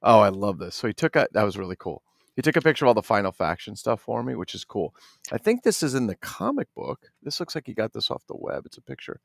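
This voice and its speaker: A man from New Jersey chatting casually about his toy collection, animated and swearing freely with jokey asides. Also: on the low side, fast, creaky, no echo, clean studio sound. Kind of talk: casual unboxing chat.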